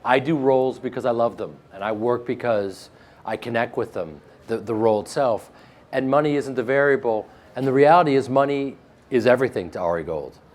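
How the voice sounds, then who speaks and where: A man from the American Midwest with a flat Midwestern accent, answering interview questions about his acting work in a joking, self-mocking way. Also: medium pitch, a little fast. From Chicago, American Midwest. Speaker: actor being interviewed.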